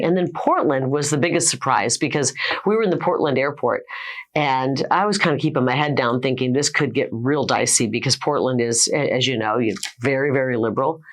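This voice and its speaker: A middle-aged woman answering interview questions confidently and emphatically, stacking points in quick lists. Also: low-pitched. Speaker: political candidate guest.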